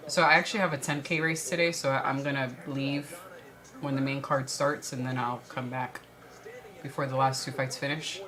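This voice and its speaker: A woman with a light Brooklyn accent co-hosting a livestream, chatting casually and answering viewer questions. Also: a bass voice. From New York. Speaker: stream co-host.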